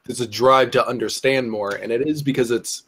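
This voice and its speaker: Husky man hesitating, full of fillers. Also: mid-range voice, fairly even intonation, moderate pace, a bit bright. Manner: hesitant, filler-heavy, searching for words. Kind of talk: casual group discussion.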